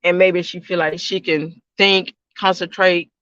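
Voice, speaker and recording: High-voiced man, loose casual vlog talk. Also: little pitch movement, a little slow, bright, forceful tone, no echo, dull audio. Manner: rambling, repeats himself, talks straight to viewers. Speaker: YouTube reaction channel host.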